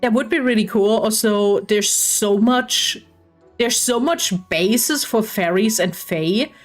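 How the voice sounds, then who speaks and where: A woman from Germany, chatting casually as a podcast host, excitable and swearing freely. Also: medium pitch, slow pace, faint music behind. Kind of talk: casual chat.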